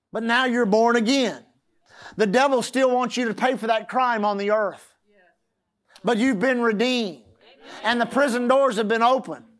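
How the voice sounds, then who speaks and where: A man preaching a sermon, emphatic, swinging from loud declarations to hushed asides and drawing out key phrases word by word. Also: sits high. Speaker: pastor.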